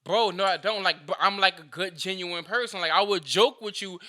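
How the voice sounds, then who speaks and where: A man hosting a casual podcast, asking questions and rambling through animated restarts. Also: sits high, normal speed. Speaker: podcast host.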